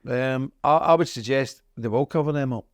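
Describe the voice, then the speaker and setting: Recorded in studio quality with no room sound, this Northern Irish interview guest speaks at a normal speed. He's a middle-aged man telling history emphatically, like a storyteller, with his pitch rising and falling.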